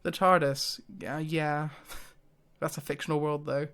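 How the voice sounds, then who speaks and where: A man's voice: fairly high pitch, level tone, unhurried, fairly bright tone, smooth. A man talking casually to the camera, thinking aloud with hesitations and frequent laughs. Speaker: YouTuber.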